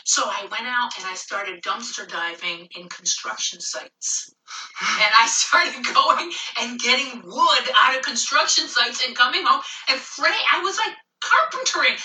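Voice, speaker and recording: A middle-aged woman comedian riffing in a loose stand-up monologue, swearing freely and laughing at her own lines. Her voice is high and very bright. It sounds like an echoey room, with the mic set a little away from her. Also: distant mic, slight background noise. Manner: profane, animated, laughing at own jokes.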